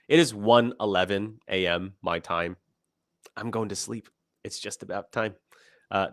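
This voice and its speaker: A young man with a very low voice talks loosely to his livestream audience. He rambles, restarts sentences and fills gaps with ums and little laughs. The sound is close and dry, with no room around it. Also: no echo. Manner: rambling, many fillers and restarts, laughs often. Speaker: company founder hosting a livestream. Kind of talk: casual livestream talk.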